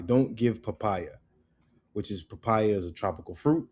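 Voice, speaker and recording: A man from the United States giving a casual spoken lesson on slang, relaxed and loose, repeating words slowly and often asking "right?". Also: lowish voice. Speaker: language teacher.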